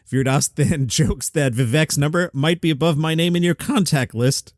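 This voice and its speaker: A man's voice: on the high side, moderate pace, hardly any pauses, no room sound, studio quality. A man hosting a comedy news show, recapping headlines in a casual, wry way with joking side comments. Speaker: comedy news podcast host.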